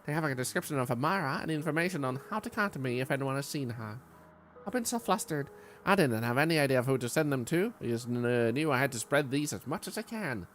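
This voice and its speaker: A man's voice: mid-range voice, animated, fast, fairly bright tone, soft background music, voice pushed up, lightly acted. A man voicing a flustered, anxious mother searching for her missing daughter, in a game. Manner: flustered, pleading, then indignant.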